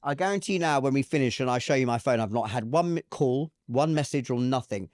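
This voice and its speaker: A man's voice: mid-range voice, expressive, a little mellow, dry recording, clean studio sound. A middle-aged man, a guest in a casual conversation, telling stories emphatically and swearing freely. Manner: emphatic, swears, quick storytelling.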